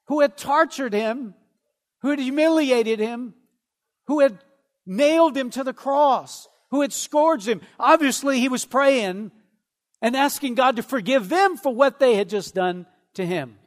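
High-voiced preaching man in a reverberant hall. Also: a bit bright. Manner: slow, earnest preaching with dramatic pauses. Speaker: pastor. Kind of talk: sermon.

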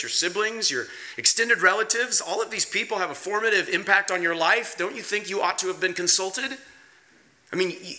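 A pastor preaching a sermon in a conversational, emphatic way, asking rhetorical questions and swinging his pace and pitch for emphasis. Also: bright, forceful tone.

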